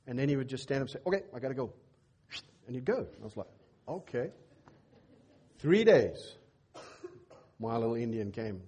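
A middle-aged man preaching in a church, a pastor telling a story in a sermon and acting out the dialogue with a lifted voice. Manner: animated storyteller, acts out dialogue with lifted pitch.

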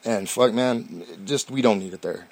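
A man's voice: mid-range voice, moderate pace, no room sound. A Canadian man hosting a podcast, rambling and swearing constantly, stammering and restarting as he talks, sounding stoned. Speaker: podcast host. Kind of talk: rambling casual monologue.

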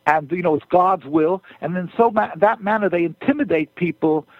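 A man who is a rabbi, speaking as a guest on a radio interview by phone, earnest and halting, with many restarts. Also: sits high, dry recording. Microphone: telephone. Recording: tinny phone line, dry.

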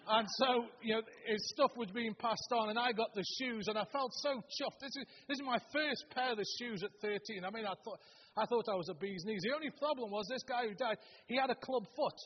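A man in his seventies with a Stoke-on-Trent accent, opening a sermon with homely, humorous stories, often halting and restarting. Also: extremely high pitch, slight background noise. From Stoke-on-Trent, England. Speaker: preacher. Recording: dull, long-reverb hall recording.

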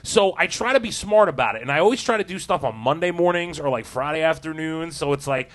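A man's voice: a little high, animated, quick pace, fairly bright tone. A man co-hosting a podcast, telling a story in casual chat and laughing often. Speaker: podcast co-host.

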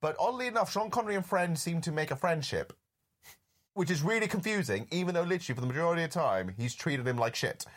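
Giggly, lively-voiced man recapping a film. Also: a little high, fast talker. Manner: giggly, animated retelling of scenes with mimicked lines. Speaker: podcast co-host. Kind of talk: casual film review chat.

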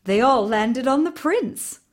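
Slow, expressive woman reading a fairy tale. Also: high voice. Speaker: storyteller. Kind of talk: read-aloud fairy tale narration.

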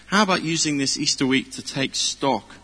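A man's voice: a little high, expressive, moderate pace, pushed and bright, breathy edge. A middle-aged man, giving an informal, chatty sermon full of personal stories, earnest and self-deprecating. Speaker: preacher. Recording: long hall reverb.

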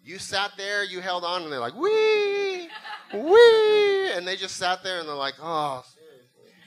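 A man's voice: sits high, a little fast, pushed and bright, clear, resonant tone, poor audio. A middle-aged man preaching a sermon, telling a funny story and acting out voices and sound effects. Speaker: pastor.

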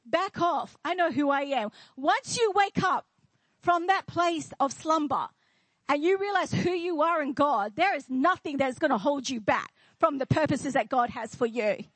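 A woman's voice: high-pitched, moderate pace, no room sound, rough recording. A woman pastor preaching a sermon in church, declaring and asking the congregation questions.

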